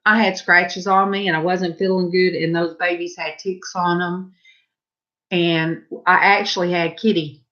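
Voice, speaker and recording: Slow-talking older Southern woman rambling. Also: fairly low pitch, level tone, fairly bright tone. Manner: rambling, folksy, breaks off to answer chat. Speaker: host of a painting livestream. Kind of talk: casual chat with live viewers. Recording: dull lo-fi livestream audio.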